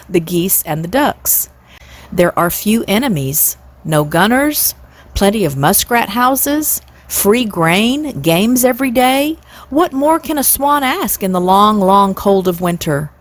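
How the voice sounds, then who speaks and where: A stately father swan holds forth in long, ornate sentences, pleased with his own eloquence, voiced by a woman in her sixties. The storybook reading sits at a medium pitch, unhurried and formal. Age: 60s. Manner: long-winded, formal, flowery speech. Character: stately pompous father swan, male, grand talker.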